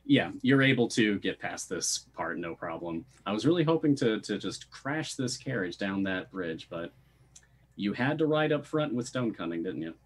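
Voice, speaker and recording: A man narrating as game master of a tabletop game, lively, laughing often and filling pauses with "uh". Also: on the low side, slight background noise.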